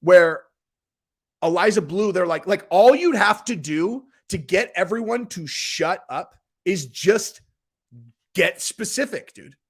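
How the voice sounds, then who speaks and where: A man hosting a casual reaction show, talking in a rambling, animated way and saying "dude" often. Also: high voice, slow. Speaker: host reacting to a video.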